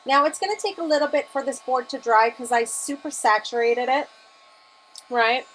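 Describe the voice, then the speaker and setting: A woman's voice: high-pitched, normal speed, fairly bright tone, slight background noise. A woman teaching a live-streamed mixed media art class, chatty and enthusiastic as she demonstrates. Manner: chatty and enthusiastic, gushing over colors.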